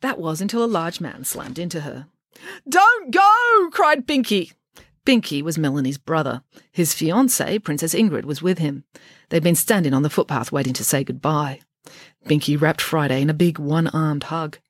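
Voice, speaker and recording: A woman's voice: sits low, moderate pace, dry recording, clean studio sound. A woman reading a novel aloud, narrating expressively. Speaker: storybook reader.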